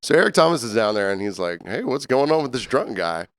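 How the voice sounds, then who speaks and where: A man, co-hosting a podcast and telling an animated, laughing story from his bartending job. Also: medium pitch, quick pace. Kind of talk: casual storytelling chat.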